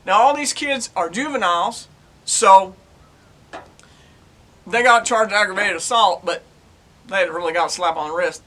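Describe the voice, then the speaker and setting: A man's voice: high-pitched, moderate pace, pauses often. A middle-aged man, a former police officer telling his stories to his own camera in a plainspoken, folksy way. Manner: folksy, plainspoken, animated retelling. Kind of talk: casual storytelling to camera.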